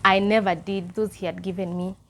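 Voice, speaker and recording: A young Kenyan woman with a Kenyan accent telling a personal story in a casual, animated way, slipping Swahili phrases into her English. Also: mid-range voice, a little fast. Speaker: vlogger.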